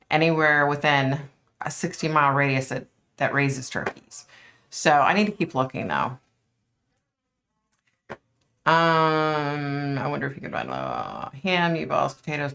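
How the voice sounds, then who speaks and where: Middle-aged lady chatting on her livestream, kinda low voice, easygoing and talky, reading comments. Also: creaky, fairly bright tone. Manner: chatty, reads and answers viewer comments. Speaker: livestream host. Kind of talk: casual livestream chat.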